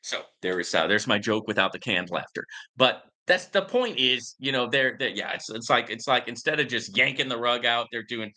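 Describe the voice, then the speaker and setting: A man's voice: medium pitch, animated, moderate pace, few pauses, bright, forceful tone. A man hosting a casual finance commentary show, talking in a rambling way with lots of fillers and addressing viewers as guys. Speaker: crypto investment show host. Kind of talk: casual live-stream commentary.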